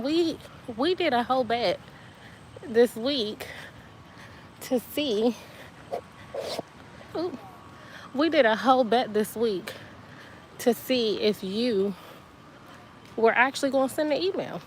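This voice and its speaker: A woman's voice: on the high side, fairly bright tone, slight background noise, low-quality recording. A woman live-streaming outdoors by a beach, out of breath and chatting straight to her viewers on a phone. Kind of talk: casual live-stream chat.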